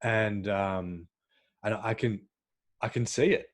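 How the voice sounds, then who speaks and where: Halting male podcast host. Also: on the low side, fairly even intonation, slight background noise. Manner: halting, frequent fillers and restarts. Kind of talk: casual podcast conversation.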